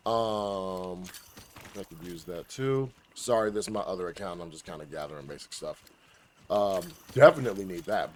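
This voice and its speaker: A man's voice: fairly low pitch, a little hiss or hum. A man giving casual, laid-back advice while playing a game, swearing now and then and trash-talking what he fights. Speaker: gaming guide creator.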